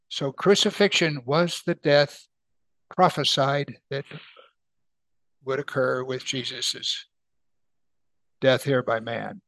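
A man teaching verse by verse from the Bible, reading passages slowly and then explaining them with emphasis. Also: fairly high pitch, fairly even intonation, vocal fry, a bit bright, no echo. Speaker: preacher.

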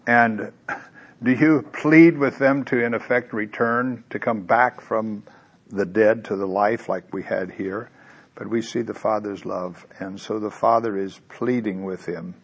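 Husky-voiced man preaching a sermon. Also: lowish voice. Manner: conversational, animated, acts out quoted voices.

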